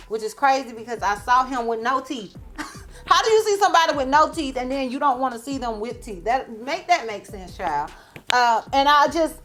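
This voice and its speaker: A woman's voice: mid-range voice, fairly bright tone. Chatty woman telling a story. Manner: chatty, laughs often, acts out quotes. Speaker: beauty vlogger. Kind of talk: storytime vlog.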